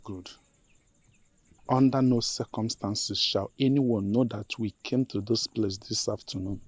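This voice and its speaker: A man's voice: lowish voice, steady tone, unhurried. An actor with a Nigerian accent playing a worried, guarded king who speaks in curt commands. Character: worried middle-aged male king, guarded.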